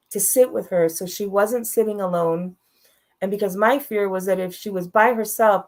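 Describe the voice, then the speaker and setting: As a talk show guest, a middle-aged woman shares a personal story in a frank, direct way, with a medium-pitched, slightly mellow voice. Now and then she laughs her way through the hard parts.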